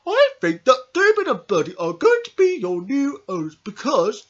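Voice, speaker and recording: Giggly woman with a wildly swooping, husky voice. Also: high voice, wildly swooping pitch, normal speed, few pauses, muffled recording. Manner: giggly, swapping between silly character voices. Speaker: hobby puppet show creator voicing all characters. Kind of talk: playful homemade character play.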